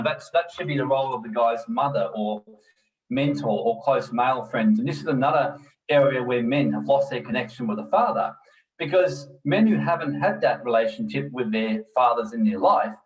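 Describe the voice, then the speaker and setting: A man's voice: mid-range voice, slightly rough, low-quality recording. A middle-aged man giving a blunt, preachy motivational talk to a group, swearing freely as he goes. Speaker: personal development speaker.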